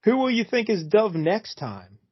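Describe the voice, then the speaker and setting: A man voicing a determined young woman superhero, reading her comic dialogue in an earnest, calm way. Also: high-pitched, moderate pace, breathy edge, dry recording, pitched above the performer's own voice, heavily acted. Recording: dull, dry, lo-fi.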